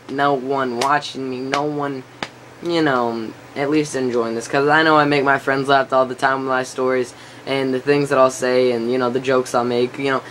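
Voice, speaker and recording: A man's voice: mid-range voice, fairly bright tone, a little hiss or hum. A teenage boy telling a story to camera in a rambling casual way, full of fillers, his voice breaking and cracking now and then. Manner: rambling, lots of filler and restarts. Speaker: vlogger.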